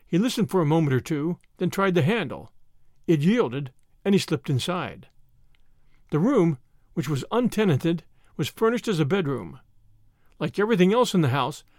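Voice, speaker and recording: Man reading a novel aloud, high voice, dry close sound. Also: a little mellow, no echo. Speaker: audiobook narrator. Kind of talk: scripted narration.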